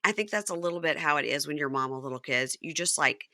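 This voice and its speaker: A woman in her thirties recaps a reality show in easy, chatty podcast talk, jumping into animated voices whenever she quotes someone. Her voice sits a bit low yet sounds very bright and forward, recorded close and dry with no room around it. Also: quick pace, no echo. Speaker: podcast host. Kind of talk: casual recap chat.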